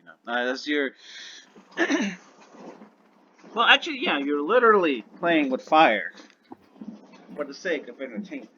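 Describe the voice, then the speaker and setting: A man's voice: a little high, bright, forceful tone, dull audio. A man narrating a tabletop game as game master, rambling and correcting himself as he goes.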